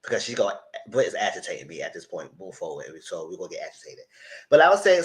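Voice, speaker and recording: A man giving casual live commentary on a reality show, animated, repeating himself and cursing freely. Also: deep voice, quick pace.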